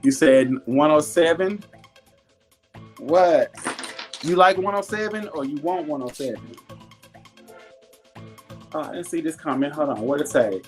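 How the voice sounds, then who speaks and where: A man's voice: on the high side, lively intonation, unhurried, long pauses, faint music behind. A man hosting a casual live jewelry sales stream, chatty and laughing often, reading viewer comments aloud and talking about his faith. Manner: warm and churchy, talks faith.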